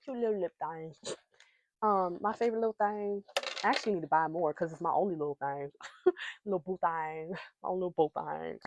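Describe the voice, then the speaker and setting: A woman's voice: on the low side, fairly quick, highs cut off, noisy background. A young woman hosting her podcast, chatting casually and playfully to herself while doing her makeup. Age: young adult. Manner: playful, giggly, talks to herself. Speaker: podcast host.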